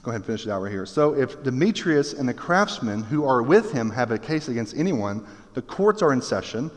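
A man preaching a sermon in an animated way, with jokey asides and acted-out voices. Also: medium pitch, fairly quick, long reverb tail. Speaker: pastor.

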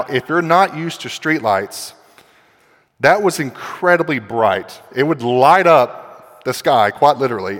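Pastor, male, conversational teaching sermon with emphatic quotes, recorded in a reverberant hall. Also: mid-range voice.

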